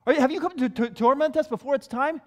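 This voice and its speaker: Preacher putting on cornered pleading demons, whiny and rushed, high and swooping, big hall reverb. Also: male voice, animated. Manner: whiny, rapid, begging. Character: frightened pleading demons, male, cornered and bargaining. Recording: long reverb in a large hall.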